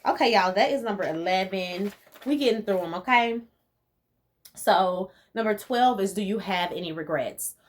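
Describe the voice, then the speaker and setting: A young woman from the rural US chatting casually as a vlogger answering viewer questions, animated and laughing often, with relaxed slang. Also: medium pitch, normal speed. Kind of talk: casual chat.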